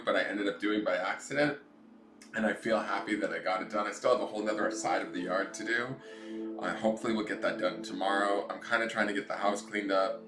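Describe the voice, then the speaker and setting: In an echoey room, a man with a lowish, fairly bright, nasal voice runs a tarot live stream from his home. He jokes around with his audience in a chatty way and reads out their comments.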